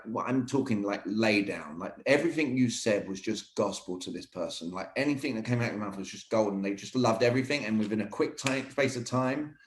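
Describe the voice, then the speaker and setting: A man coaching on sales technique in an energetic, emphatic way, often saying "all right". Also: lowish voice, a little hiss or hum. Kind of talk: teaching sales techniques in conversation. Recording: roomy echo.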